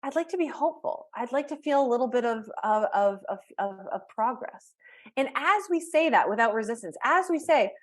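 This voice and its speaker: A woman's voice: fairly high pitch, lively intonation, fairly quick. A woman leading a live online workshop as a life coach, speaking conversationally and talking through examples of self-talk with frequent restarts.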